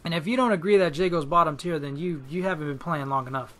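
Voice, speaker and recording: A man's voice: on the high side, fast talker, a bit bright. A young man in a casual, profane rant to his viewers about a fighting game, frustrated and full of restarts. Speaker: gaming YouTuber. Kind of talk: casual ranting commentary.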